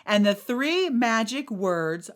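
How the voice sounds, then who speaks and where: Slow and fairly high-pitched with wide swings in pitch, this middle-aged podcast host chats casually and candidly. She curses freely and animatedly performs other people's words.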